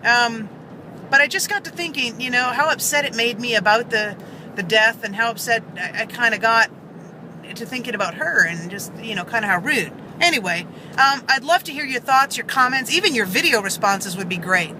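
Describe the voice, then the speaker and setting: A woman's voice: a little high, animated, normal speed, background noise. A woman vlogger earnestly telling a story to camera, rambling with many fillers and restarts, seated in a car.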